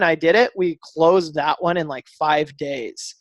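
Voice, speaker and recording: A man guesting on a podcast, telling a story animatedly, acting out dialogue with fillers and quick restarts. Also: on the high side, fairly even intonation, fairly bright tone, no echo. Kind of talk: casual storytelling interview.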